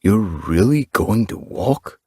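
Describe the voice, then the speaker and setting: A man's voice: fairly low pitch, animated, takes it slowly, darkish tone, slightly rough, no room sound, studio quality, heavily acted. A man voicing a cautious, squeamish male pet cat in an audiobook, asking hesitant questions. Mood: wary.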